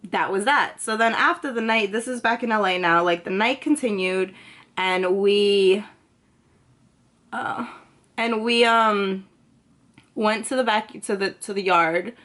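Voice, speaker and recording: A woman's voice: medium pitch, a bit bright. A young woman vlogging, telling a personal story in a chatty, casual way, full of filler words and swearing freely.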